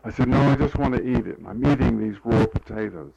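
Telling his life story in an interview, an older man rambles anecdotally, meandering and using many fillers while acting out remembered dialogue. The voice is medium-pitched, fairly quick and creaky, with the highs cut off.

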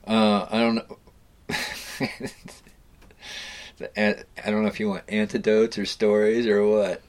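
A man's voice: fairly low pitch, little pitch movement, slow. A middle-aged man casually telling rambling fishing stories, swearing freely and restarting his sentences. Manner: rambling, profane, with frequent restarts and chuckles. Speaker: storyteller recounting fishing trips. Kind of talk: casual spoken storytelling.

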